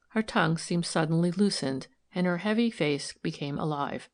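Steady and measured, a fairly low-voiced woman works through a novel aloud as its audiobook reader, following the scripted text.

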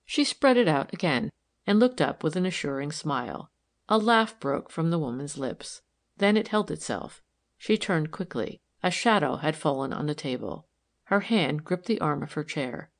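A woman narrating a novel in an even, measured reading style. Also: low voice. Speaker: audiobook narrator. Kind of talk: scripted narration.

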